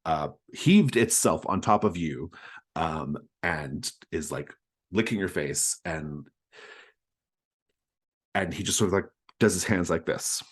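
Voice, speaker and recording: Man, game master, tabletop narration, very low voice, casual, rambling. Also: animated, slow pace, pauses often, husky.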